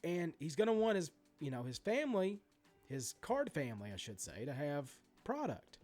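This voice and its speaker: Animated, profane card-collecting ranter. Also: male voice, a little high, normal speed, faint music behind. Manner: animated, profane ranting with many asides and restarts. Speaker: sports card collector vlogger. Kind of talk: ranting vlog commentary.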